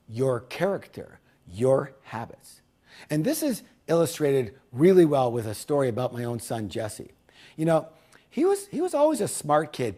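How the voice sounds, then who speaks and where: A middle-aged man giving a motivational speech, emphatic and swinging between loud punches and hushed lines. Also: on the high side. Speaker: motivational speaker.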